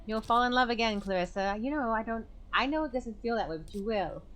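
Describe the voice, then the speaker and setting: A woman reading the lines of a calm, manipulative woman who coaxes a grieving widow in a mystery game. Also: on the high side, fairly quick, natural voice. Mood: coaxing.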